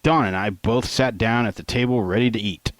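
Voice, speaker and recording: Low-voiced man casually reading his own novel. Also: brisk, dry recording. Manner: casual, conversational, with offhand asides and swearing. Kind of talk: first-person audiobook narration.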